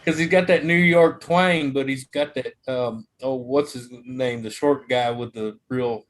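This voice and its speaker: A man's voice: medium pitch, steady tone, a little slow. A man chatting casually on a live stream, rambling through stories and laughing often.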